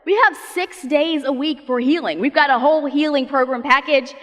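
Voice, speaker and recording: A woman voicing an indignant male synagogue leader who shouts about rules, programs and forms. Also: sits high, normal speed. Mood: outraged. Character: outraged male synagogue leader, fussy bureaucrat. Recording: long reverb of a large hall.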